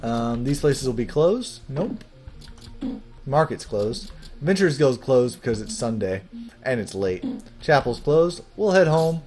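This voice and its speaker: A man's voice: medium pitch, animated, a little slow, a little mellow, faint music behind. A man giving casual, chatty gameplay commentary as host, with jokey asides. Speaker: let's play host.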